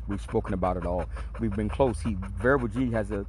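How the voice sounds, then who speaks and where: A man with a fairly low voice speaks briskly, with a slightly mellow quality and a faint hiss or hum in the audio. He's a podcast host telling a long personal story, laid-back, streetwise and full of profanity.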